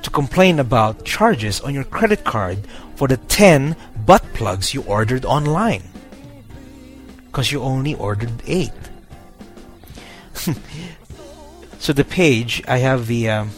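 A man's voice: mid-range voice, lively intonation, takes it slowly, pauses often, soft background music. A man hosting a podcast, talking casually to his listeners with many fillers and restarts. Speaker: podcast host.

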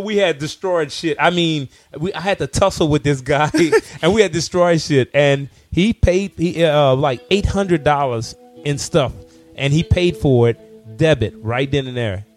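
A man, a shop owner telling animated stories in casual conversation, stumbling and restarting often. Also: on the high side, moderate pace, dry recording, faint music behind. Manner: animated anecdotes with repeated restarts. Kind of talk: casual storytelling.

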